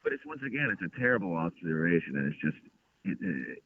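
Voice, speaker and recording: A man, a comedian being interviewed, telling stories in an exasperated, animated way. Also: low voice, brisk, breathy edge. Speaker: comedian guest. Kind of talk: casual interview chat. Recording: tinny phone-like line.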